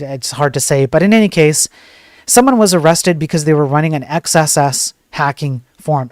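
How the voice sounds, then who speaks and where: Blunt ranting tech news host. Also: male voice, fairly high pitch, darkish tone, no room sound, clean studio sound. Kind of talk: casual live-stream commentary.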